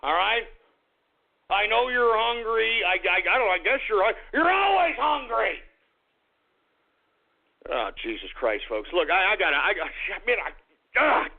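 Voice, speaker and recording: Exasperated high-voiced man on tinny radio. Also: gravelly. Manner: exasperated, rambling, repeats himself, addresses listeners as folks. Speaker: radio show host. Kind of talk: comedic radio rant. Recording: tinny phone-like radio audio.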